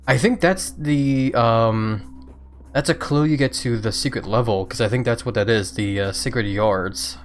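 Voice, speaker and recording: A man's voice: mid-range voice, measured pace. A man giving casual, chatty commentary while streaming a game, thinking aloud and laughing often, with the hiccups. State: has the hiccups.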